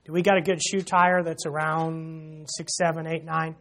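A man's voice: on the high side, level tone, normal speed, fairly bright tone. A man preaching a sermon in church, talking casually and joking with the congregation. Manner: conversational, jokes with the congregation, frequent "you know".

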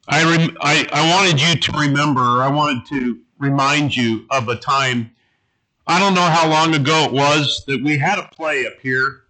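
Male pastor, slow, bright-toned earnest sermon delivery, halting phrasing. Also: mid-range voice, poor audio.

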